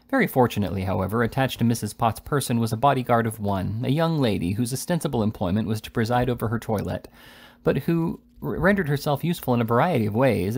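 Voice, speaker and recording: A man reads a classic novel aloud in a husky voice. His pitch sits in the middle range, and he carries the long Victorian sentences at an even reading pace. He lifts his voice slightly for the characters' lines. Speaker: audiobook reader. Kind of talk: scripted narration.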